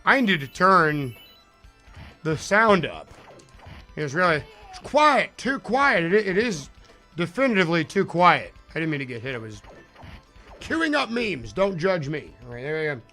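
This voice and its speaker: Bright-voiced, joking male streamer. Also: fairly high pitch, big pitch swings, a little slow, long pauses, soft background music. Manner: rambling, self-deprecating, jokey, chatting to viewers. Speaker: game streamer. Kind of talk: casual live-stream chat while playing.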